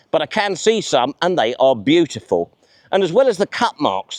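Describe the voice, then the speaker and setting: A man with a fairly high, very animated voice, presenting a vlog outdoors in a park. He is chatty, enthusiastic and pokes fun at himself. The sound is dry and close, with little reflection. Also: dry recording. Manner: chatty, enthusiastic and self-mocking. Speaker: vlog host. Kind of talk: presenting to camera.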